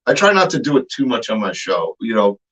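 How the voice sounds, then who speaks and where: A man's voice: medium pitch, sing-song, fairly quick, fairly bright tone, slightly rough. A male host in a casual interview chat, easygoing and agreeable, often restarting his sentences. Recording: dull lo-fi sound.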